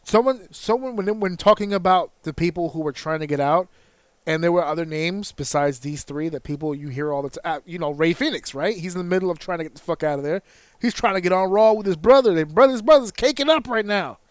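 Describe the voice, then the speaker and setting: Brief: male podcast host, higher-pitched, swears freely, ranting and storytelling, dry close sound. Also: fast talker, no room sound. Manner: profane, animated storytelling with mock outrage. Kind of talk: casual wrestling chat.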